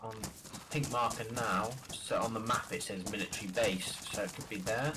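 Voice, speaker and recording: A man in casual gaming chat with a teammate, muttering and thinking out loud as he plays. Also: on the low side, steady tone, moderate pace. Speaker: teammate in a survival game. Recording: noisy game stream audio.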